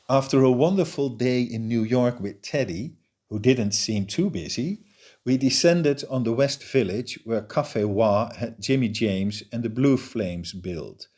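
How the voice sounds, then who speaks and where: A man narrating a novel in a steady, measured reading voice. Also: mid-range voice. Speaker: audiobook reader.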